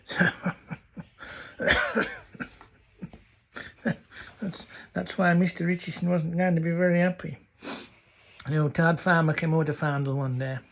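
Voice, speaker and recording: A man's voice: a little high, flat delivery, measured pace, vocal fry, pauses often. A man with a North Yorkshire accent telling rambling dialect stories. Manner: rambling, chatty. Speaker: dialect storyteller.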